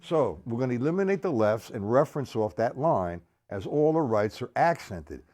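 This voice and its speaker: Speaking at a moderate pace in a darkish, medium-pitched voice, this older man is very animated as he runs a live-streamed drum lesson. A drum kit sits in the background while he calls out chat viewers by name, walks through each exercise, and counts beats aloud.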